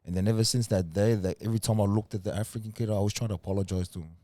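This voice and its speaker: Soft-spoken young man with a low, mellow voice. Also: rapid-fire, no echo. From New Zealand. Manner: soft-spoken, relaxed storyteller. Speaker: guest. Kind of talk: casual storytelling.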